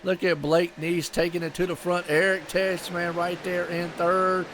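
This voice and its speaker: A man's voice: high-pitched, little pitch movement, unhurried, background noise. A man with a Southern US accent giving casual, rambling live commentary on a sim race and chatting with viewers.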